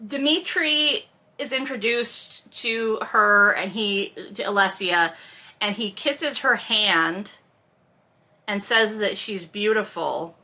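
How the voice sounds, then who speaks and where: A woman's voice: mid-range voice, takes it slowly, pushed and bright. A woman reading aloud from a novel and breaking off into sarcastic, wry commentary on it. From from a Russian family. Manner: sarcastic, wry asides between read passages. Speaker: podcast host reading and critiquing a novel.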